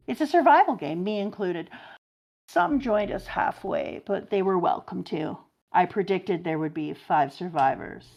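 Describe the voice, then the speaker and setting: A woman reading the lines of an arrogant male figure who calls himself a god, smug and measured. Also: fairly low pitch, gravelly, darkish tone. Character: arrogant self-proclaimed sky god, male.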